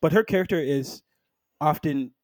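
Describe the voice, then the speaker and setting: A man co-hosting a podcast, casually talking through a film and slipping into quick impressions of its characters. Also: fairly high pitch, no room sound. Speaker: podcast co-host.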